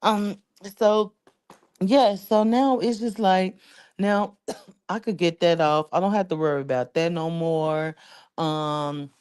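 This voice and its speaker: A woman's voice: fairly low pitch, steady tone, slow, a little mellow, smooth. A woman from the Chicago area chatting casually on a livestream, rambling and emotional, thanking viewers by name. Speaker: livestream host.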